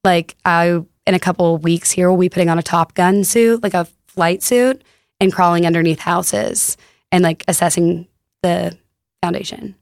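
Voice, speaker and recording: As a podcast guest and store co-founder, this young woman from Texas chats through her stories casually, laughing as she goes and using plenty of "like" fillers. She speaks at a moderate pace with a lowish, creaky voice, recorded cleanly in a studio with no echo.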